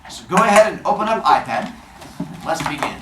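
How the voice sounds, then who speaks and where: A man's voice: sits high, brisk. A male teacher walking seventh graders through a quiz step by step, with dry sarcastic asides. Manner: steady step-by-step explaining. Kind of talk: classroom instruction. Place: classroom full of seventh graders. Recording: noisy classroom. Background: student chatter.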